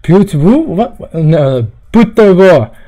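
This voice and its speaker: Lively young man streaming a game. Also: a little high, a little slow. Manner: rambling, joking, stammering, mock-Russian asides. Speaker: livestreamer playing a visual novel. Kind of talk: casual gameplay commentary, reading game text aloud.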